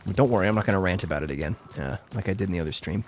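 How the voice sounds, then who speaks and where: Here a man with a low voice races through casual live commentary on the game he's playing. He's chatty and rambling, leaning heavily on "like," and there's slight noise behind him.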